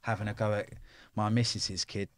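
A man's voice: fairly low pitch, level tone, normal speed, dry recording, clean studio sound. A middle-aged man, telling his life story bluntly in an interview, full of swearing and street slang. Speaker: interview guest.

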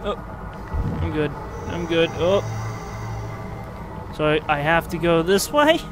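A man commentating his playthrough of a game, excitable, swinging from muttering to yelling. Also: a little high, slow pace. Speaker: gaming video host. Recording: music from the game behind the voice.

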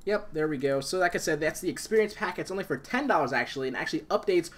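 A young man hosting a casual software tutorial, rambling and enthusiastic, full of fillers and restarts. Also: fairly high pitch, animated, quick pace. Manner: rambling, enthusiastic, many fillers and self-corrections. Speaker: tutorial host.

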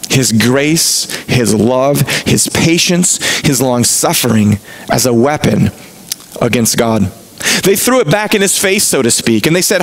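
A man's voice: mid-range voice, expressive, measured pace, poor audio. A male pastor preaching a sermon from the pulpit in an emphatic, rising and falling delivery. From United States.

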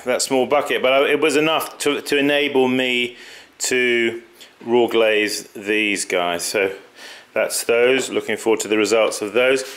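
Bright-toned man demonstrating pottery glazing. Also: medium pitch. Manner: halting, repeats words, talks while working. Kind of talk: casual workshop demonstration.

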